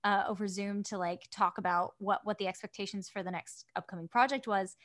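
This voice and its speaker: A woman chatting casually as a podcast guest, telling animated stories and laughing often. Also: mid-range voice, fairly quick. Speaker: guest voice actor.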